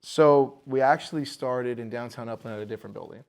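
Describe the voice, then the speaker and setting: A bar owner, speaking briskly with a medium-pitched voice and vocal fry, tells a casual podcast interviewer how he bought his building. He acts out the voices of the people involved.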